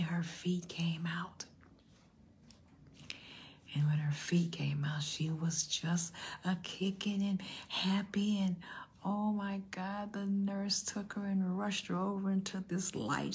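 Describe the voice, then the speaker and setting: An older woman pastor delivers an animated storytelling sermon in a church. Her voice is deeply husky and breathy and sits slightly low. She acts out the people in her story as she goes. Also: takes it slowly.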